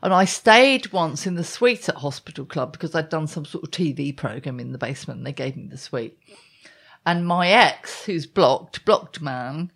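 Wry woman in her fifties, lively. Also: sits low, normal speed, vocal fry. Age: 50s. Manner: wry, self-mocking storytelling. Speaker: podcast co-host. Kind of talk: casual chat.

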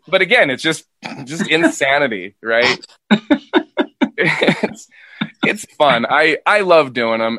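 A man, an impressionist and creator of the show, casually explaining his craft with animated demonstrations. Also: mid-range voice, no room sound. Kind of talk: casual interview talk.

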